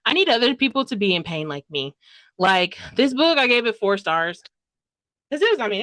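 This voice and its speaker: A woman's voice: fairly high pitch, big pitch swings, normal speed, fairly bright tone, no echo. A young woman giving a casual, dramatic book review, full of fillers and rambling asides. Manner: gushing, dramatic, heavy filler "like".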